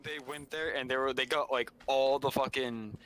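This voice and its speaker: A man's voice: mid-range voice, steady tone, normal speed, fairly bright tone, clear, resonant tone. A man chatting casually on a gaming livestream, telling rambling stories and acting out quotes. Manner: rambling storyteller, acts out quotes. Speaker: livestream co-host. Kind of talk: casual chat while gaming.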